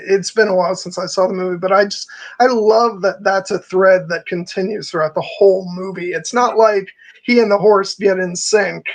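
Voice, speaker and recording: High gravelly male podcast co-host. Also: rough recording. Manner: rambling, laughs often. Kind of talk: casual film discussion.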